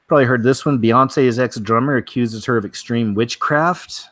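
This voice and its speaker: A man's voice: mid-range voice, moderate pace, few pauses, fairly bright tone, no room sound, clean studio sound. A man hosting a casual weekly news show, wry and offhand, with many fillers.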